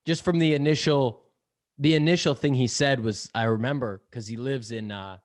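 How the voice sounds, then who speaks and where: A man's voice: medium pitch, steady tone, normal speed, dry recording, clean studio sound. A young man speaking as a podcast guest in casual interview chat, rambling with lots of fillers, laughing often and swearing casually. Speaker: podcast guest, sales podcast host.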